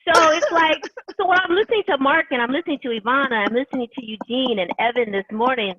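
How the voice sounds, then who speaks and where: A woman's voice: a little high, very fast, no echo. A woman closing a team conference call with enthusiastic, rambling motivational talk, full of fillers. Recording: tinny conference call line.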